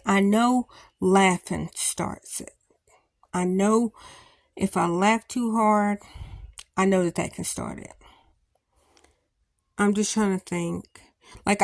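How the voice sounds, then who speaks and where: A woman's voice: mid-range voice, dry recording, clean studio sound. A woman vlogger talking through her feelings in a rambling, thinking-aloud way with many restarts. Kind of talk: personal reflective talk to camera.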